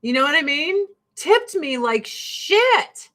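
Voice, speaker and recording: A woman from the rural Midwest talks casually to her viewers while she gets ready, in a fairly high voice. She is blunt and swears freely, and she laughs often. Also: very animated, slow pace, a bit bright. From rural Illinois, US Midwest. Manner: blunt, profane and chatty, with frequent laughs. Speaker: vlogger and host. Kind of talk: casual get-ready-with-me chat.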